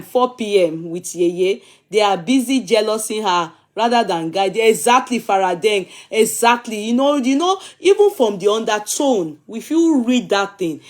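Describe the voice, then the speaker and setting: A woman's voice: medium pitch, a little mellow. Nigerian lady on a live stream, emphatic, keeps repeating herself, pleading. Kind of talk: casual live-stream commentary.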